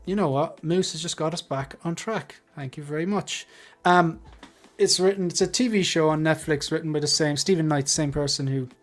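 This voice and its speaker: A man's voice: fairly high pitch, soft background music. Joking man hosting a livestream. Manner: joking, quick asides to chat. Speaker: livestream host. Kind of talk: casual panel chat.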